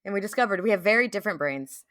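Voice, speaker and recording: Bright, animated woman co-host. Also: mid-range voice, racing. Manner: animated, swears freely, reads her own notes in bursts. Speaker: podcast co-host. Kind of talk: casual podcast chat.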